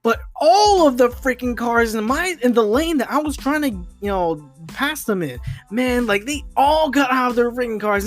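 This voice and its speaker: A man's voice: very high-pitched, expressive, moderate pace, hardly any pauses, faint music behind. A young man hosting a podcast, telling a long story in a rambling, exasperated way, full of fillers and restarts. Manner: exasperated ranting, swears softly. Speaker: podcast host. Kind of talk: casual late-night storytelling monologue.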